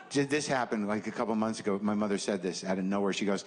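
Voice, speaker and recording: A man's voice: fairly low pitch, quick pace, hardly any pauses. A man in his fifties doing a stand-up comedy set, ranting in a profane, exasperated way. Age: 50s. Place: comedy stage. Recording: noisy live stage recording.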